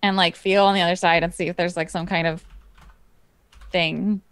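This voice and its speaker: A woman's voice: on the low side, level tone, normal speed, clean tone. Hesitant woman player at a tabletop game. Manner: hesitant, lots of fillers and hedging. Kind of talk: casual tabletop game play.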